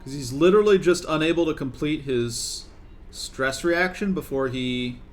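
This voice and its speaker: A young man commentates live as he streams a colony game, sweet-talking his characters and sounding exasperated by them. His voice is fairly high, at a normal speed.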